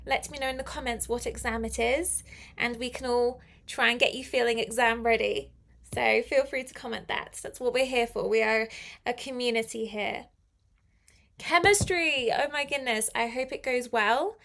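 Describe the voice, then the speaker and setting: A woman's voice: on the high side, gravelly, fairly bright tone. A woman teaching a live online English lesson, chatty and encouraging as she answers viewer comments.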